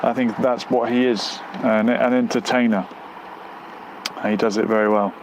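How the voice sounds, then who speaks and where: Reading viewer comments aloud and musing with frequent fillers, a man from the United Kingdom hosts a casual live stream outside near a road. He has a steady, mid-range voice at normal speed, and the rough recording carries slight background noise.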